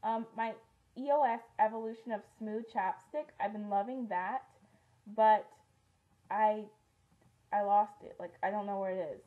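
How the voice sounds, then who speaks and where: A woman's voice: mid-range voice, measured pace, narrow, tinny audio. A teenage girl chatting through a casual beauty favorites vlog, rambling with lots of ums and likes. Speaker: beauty vlogger.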